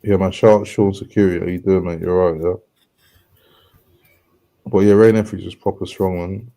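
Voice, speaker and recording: A man speaks in a very low voice with a soft, mellow tone. He talks in a laid-back, slangy way. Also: little pitch movement, moderate pace. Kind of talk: casual chat.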